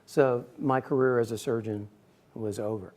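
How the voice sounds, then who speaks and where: A middle-aged man telling a personal story in a speech to an audience, acting out quotes with sudden loud bursts. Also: medium pitch, fairly even intonation, normal speed. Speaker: speaker giving a personal talk.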